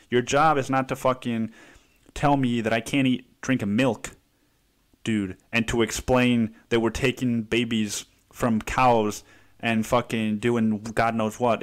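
A man hosting his own podcast, ranting in a casual, profane, rambling way. He leans on "dude" constantly and restarts his sentences in exasperation. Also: medium pitch. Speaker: podcast host. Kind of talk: casual solo podcast rant.

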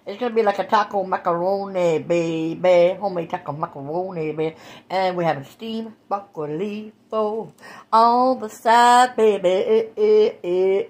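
Chatty woman vlogger calling viewers baby. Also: mid-range voice. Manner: loose, chatty, drawn-out phrases; calls viewers baby and y'all. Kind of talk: casual chat to viewers.

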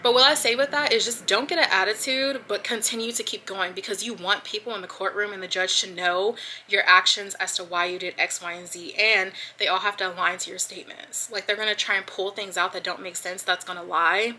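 A woman's voice: mid-range voice, steady tone, fairly quick, bright, forceful tone, a little hiss or hum, rough recording. A woman vlogger telling a personal story to her viewers in casual chat, with lots of fillers. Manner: chatty, addresses viewers as y'all, many fillers. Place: at home getting ready.

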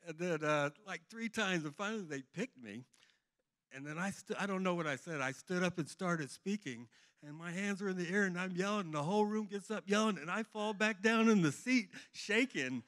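Speaking a little fast in a high-sitting, fairly bright voice, a middle-aged man shares his personal testimony with a church congregation. He tells it earnestly but ramblingly, restarting along the way.

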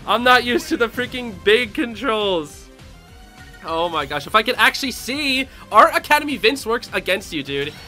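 Brief: young male gaming host, high lively voice, bright tone, faint game music under him. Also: normal speed. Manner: excitable, laughing, loud outbursts. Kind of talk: casual live game commentary.

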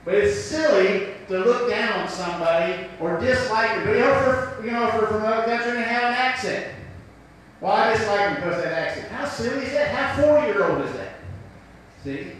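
A man's voice: extremely high pitch, fairly quick, a bit bright, very echoey, far from the mic, slight background noise, poor audio. A man with a Southern US accent preaching a sermon as pastor, folksy, asking rhetorical questions.

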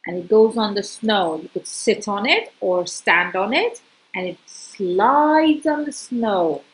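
A woman's voice: mid-range voice, slow, a little hiss or hum, poor audio. A woman reading a picture book aloud to a young child, speaking to the child directly and asking them questions. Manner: lively, sing-song, talks directly to a young child. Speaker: storyteller.

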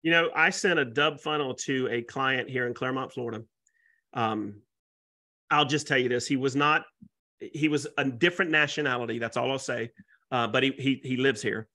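A Florida realtor and YouTuber, this man pitches as a guest speaker on a webinar, full of excitable sales energy and folksy exaggeration, speaking at a moderate pace.

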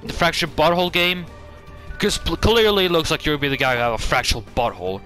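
A man hosting a gaming channel, giving excitable, jokey gameplay commentary full of swearing and sudden outbursts. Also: a little high, brisk, soft background music.

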